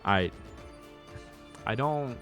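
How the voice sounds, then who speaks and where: A man's voice: mid-range voice, lively intonation, extremely slow, fairly bright tone, soft background music. A male streamer chatting casually with his viewers, rambling through restarts and fillers.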